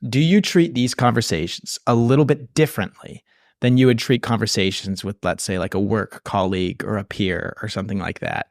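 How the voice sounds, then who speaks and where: A man's voice: on the low side, a little fast, no room sound. Easygoing male podcast host, dry sound. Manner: easygoing, asks questions. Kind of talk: casual interview.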